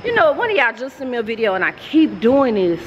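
A woman's voice: on the high side, big pitch swings, brisk, lo-fi sound, a little hiss or hum. A young woman, chatting casually and emotionally to her vlog viewers on a phone camera. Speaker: vlogger.

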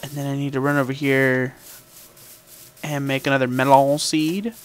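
A gaming channel host with a mid-range, level voice chats casually at a moderate pace while playing, thinking aloud and humming little sound effects as he talks to the game. Mouse and keyboard clicks make up the background noise.

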